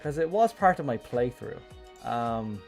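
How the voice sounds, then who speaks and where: An Irish man chats his way through a live game stream, thinking aloud and trailing into ums. His pitch sits in a middle register but moves around a lot. Faint music plays quietly behind him. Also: sing-song, measured pace, gravelly. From Ireland. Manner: chatty, rambling, thinking aloud with many ums. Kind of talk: casual live-stream gameplay commentary.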